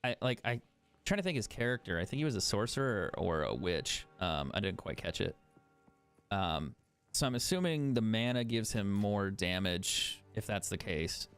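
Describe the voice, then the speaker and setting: A man's voice: lowish voice, lively intonation, moderate pace, fairly bright tone, clear, resonant tone, faint music behind. A young man chatting casually as a game streamer, swearing freely and laughing often. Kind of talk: casual gaming stream commentary.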